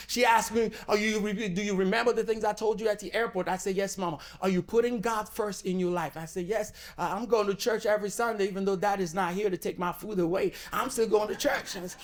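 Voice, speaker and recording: A middle-aged man tells his story in a high voice. He acts out the dialogue and swings between loud, excited bursts and hushed moments. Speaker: speaker at a community event. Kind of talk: motivational storytelling speech.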